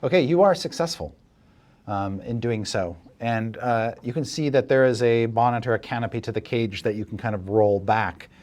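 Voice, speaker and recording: A man serving as dungeon master, narrating a tabletop game in a relaxed, chuckling way with many fillers. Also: medium pitch, normal speed.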